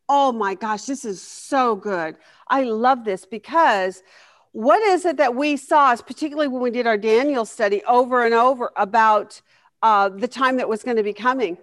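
A woman with a high, light voice leads a Bible study group. She teaches in an eager, questioning way, drawing answers from her class and responding with excitement. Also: unhurried. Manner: enthusiastic, asks the class questions. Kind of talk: interactive Bible lesson.

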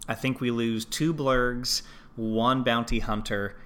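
A man's voice: mid-range voice, steady tone, slow pace, fairly bright tone, smooth. A man co-hosting a podcast in casual chat, with a jokey, playful way of talking. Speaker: podcast co-host.

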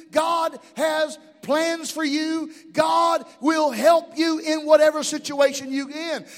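A middle-aged man pastor preaching a sermon in a church, impassioned, with call-and-response asides. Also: extremely high pitch. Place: church sanctuary. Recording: long hall reverb.

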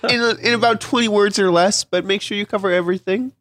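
A man's voice: sits high, fast, dry recording. A man hosting a casual podcast, reading a sponsor spot and joking with his guests. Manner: animated, jokey, reads ad copy then banters. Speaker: podcast host.

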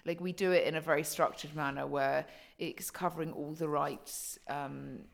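A woman's voice: low voice, steady tone, normal speed, creaky. A woman co-hosting a podcast in casual chat, chatty and sweary, with lots of ums and likes. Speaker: podcast co-host.

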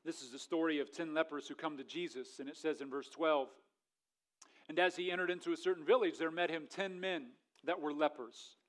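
A man preaching a sermon, reading scripture aloud and swinging between loud, rising emphasis and quiet asides. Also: fairly high pitch, fairly even intonation, brisk. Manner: preaching with rising intensity, then dropping quiet; reads scripture aloud in old-fashioned wording. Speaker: pastor.

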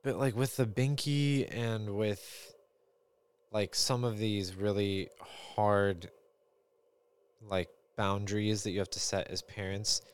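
Man, casual podcast co-host, rambling reflective talk, lowish resonant voice. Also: fairly even intonation, takes it slowly, clear, resonant tone. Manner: reflective and rambling, many fillers. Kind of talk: casual chat.

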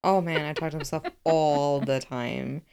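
Lower-pitched woman, laughing casual chat. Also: unhurried, creaky, smooth. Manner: expressive and laughing, talks things through aloud. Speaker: podcast co-host.

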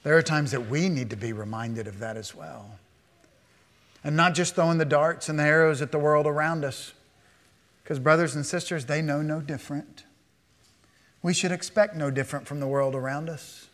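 A man preaching a sermon to his congregation, swinging between a hushed, earnest tone and raised, emphatic declarations. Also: fairly high pitch, moderate pace. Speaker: pastor.

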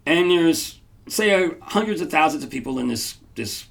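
Male podcast host, fairly high voice with some grit, casual storyteller who restarts lines. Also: normal speed, creaky. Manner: animated, rambling with restarts and frequent "right?".

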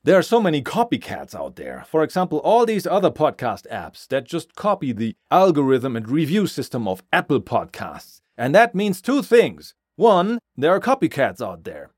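Chatty male podcast host with lively pitch. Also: moderate pace, few pauses, no room sound, clean studio sound. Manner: chatty, coaxing, step-by-step instructions. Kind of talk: casual promo for listeners.

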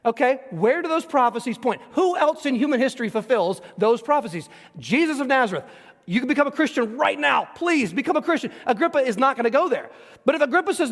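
A man preaching an expository sermon, animated and emphatic, acting out the voices of the people in the passage and asking rhetorical questions. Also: very high voice, fast, in a large hall. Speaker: pastor.

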